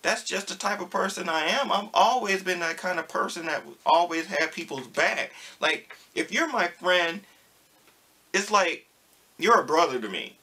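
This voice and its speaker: A young man vlogging in a loose, conversational way. His voice sits a bit high and sounds bright and clear. He tells the story with lots of energy and acts out the dialogue of both people. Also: normal speed. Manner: animated storytelling, acts out quoted exchanges. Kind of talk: casual vlog monologue.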